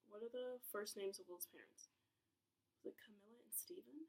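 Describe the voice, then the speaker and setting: Young woman vlogger, chatty and dramatic, talks her thoughts out loud. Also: mid-range voice, moderate pace, creaky, rough recording. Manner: chatty, dramatic, thinks aloud. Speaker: booktuber. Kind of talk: casual vlog chat.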